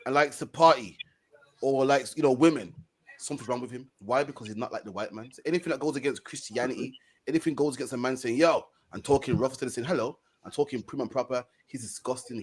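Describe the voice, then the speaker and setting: Fast-talking preachy man. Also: mid-range voice, husky. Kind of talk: online stream discussion.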